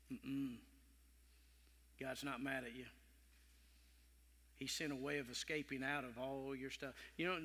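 A male preacher delivering an animated sermon, dropping to whispers and rising to loud calls. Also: on the high side. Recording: long hall reverb.

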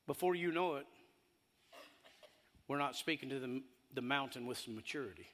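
A man preaching a sermon, animated and emphatic, drawing in the congregation. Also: mid-range voice, normal speed, long pauses, big-room sound.

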